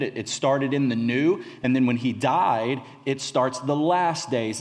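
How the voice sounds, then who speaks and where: A man, a college pastor, giving a conversational sermon full of fillers and restarts. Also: medium pitch. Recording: reverberant hall.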